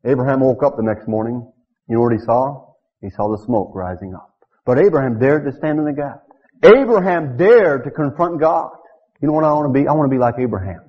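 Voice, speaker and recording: A middle-aged man preaching a sermon. He reads scripture emphatically and builds to loud declamation. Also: mid-range voice, animated, a little fast. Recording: dull lo-fi church recording.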